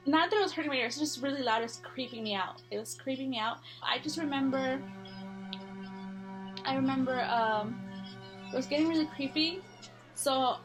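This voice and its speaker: Rambling young woman telling a scary story. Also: high voice. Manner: rambling, heavy fillers and swearing. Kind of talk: casual storytelling.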